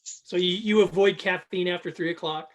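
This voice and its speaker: A man co-hosting a podcast chimes in with short questions. His voice sits high and sounds distant from the microphone. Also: steady tone, moderate pace. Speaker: podcast co-host. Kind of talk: casual podcast chat.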